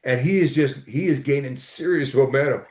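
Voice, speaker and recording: A man's voice: medium pitch, normal speed, a little mellow. A middle-aged man, a guest telling stories in a casual chat, enthusiastic and rambling with restarts. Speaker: podcast guest, entrepreneur. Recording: echoey room.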